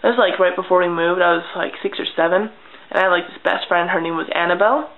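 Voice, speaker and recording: A young woman vlogger telling childhood stories in a casual, deadpan way, acting out little scenes. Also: lowish voice, fast talker. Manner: chatty, deadpan humor, acts out childhood scenes. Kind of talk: casual storytelling vlog. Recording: tinny lo-fi webcam audio.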